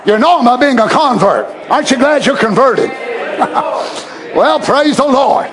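Impassioned high-voiced preacher, shouting and hushing. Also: male voice, lively intonation, unhurried, a faint crowd. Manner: impassioned, swings between shouting and hushed asides. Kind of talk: sermon.

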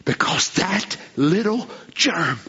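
A man preaching a fervent sermon, swinging between shouts and low asides. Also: lively intonation, takes it slowly, slightly rough, lo-fi sound.

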